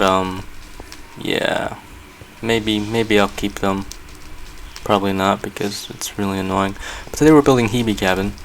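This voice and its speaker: A man with a lowish voice talks through a building session in a loose, rambling way. He thinks aloud, corrects himself and fills gaps with "um" and "like". A faint hiss sits under the voice. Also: rough recording. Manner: rambling, chatty, thinking aloud with many fillers. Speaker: Minecraft builder and channel host. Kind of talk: casual gameplay commentary.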